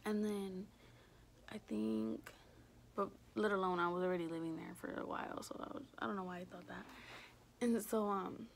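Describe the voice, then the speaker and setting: A young woman telling a personal story in a casual, rambling way, filling every pause with "like" and swearing freely. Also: mid-range voice, fairly even intonation, creaky, slight background noise. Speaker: vlogger.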